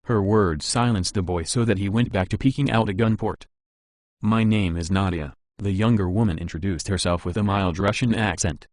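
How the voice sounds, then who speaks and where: A man narrating an audiobook in a measured, even reading. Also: lowish voice, no room sound, studio quality. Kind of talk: scripted narration.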